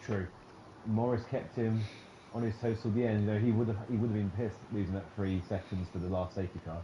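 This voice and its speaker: A man's voice: on the low side, fast, highs cut off. A man giving casual, joking post-race commentary on a league race, with the odd swear. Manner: animated, jokey, swears casually. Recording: echoey room with noise.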